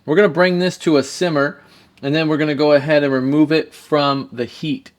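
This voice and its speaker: A man's voice: a little high, fairly even intonation, a little fast. Joking man running a home cooking video. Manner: jokey, talks straight to viewers. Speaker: home cook. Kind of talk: casual cooking demonstration.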